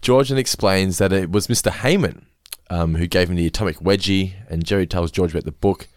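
A man's voice: low-pitched, a little fast, dry recording, studio quality. A man co-hosting a podcast, recapping a sitcom in casual chat, laughing often, swearing freely and acting out the lines. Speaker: podcast co-host.

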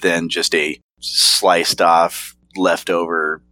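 A man's voice: sits low, flat delivery, drawn-out words, bright, forceful tone, no room sound. A man co-hosting a casual snack-review chat, laughing often and trailing off mid-sentence. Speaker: podcast co-host reviewing snacks.

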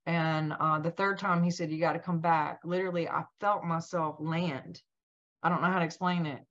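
A woman guest in an interview telling a personal story in a lively way, acting out what each person said. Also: low voice, normal speed. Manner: animated, acts out quoted dialogue. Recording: dull lo-fi sound.

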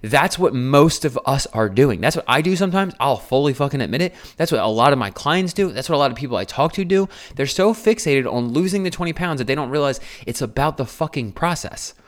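This New Jersey coach runs a podcast and delivers a loose, repetitive, emphatic monologue full of cursing and rhetorical questions. He speaks in a lively mid-range voice, a little quickly and with few pauses.

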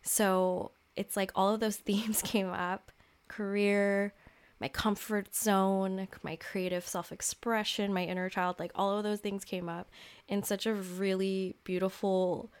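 A young adult woman hosts a reflective solo podcast in an easygoing, unscripted way. She speaks openly about her own feelings and fills her sentences with "like" and "um." Her voice sits at a medium pitch. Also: flat delivery, unhurried, clean tone. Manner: casual and candid, heavy use of "like" and "um". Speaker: podcast host.

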